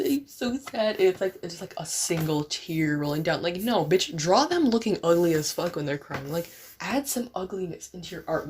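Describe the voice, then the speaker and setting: Woman vlogger, casual rant, swearing, filler-heavy, low-pitched, faint background hiss. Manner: profane, lots of "like" fillers, exasperated. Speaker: art vlogger. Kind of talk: casual ranting commentary.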